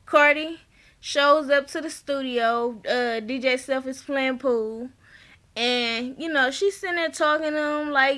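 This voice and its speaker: Bright, high-voiced woman recapping a show. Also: measured pace. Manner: slangy, blunt and opinionated, breaks into laughs. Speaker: TV show reviewer. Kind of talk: casual recap vlog.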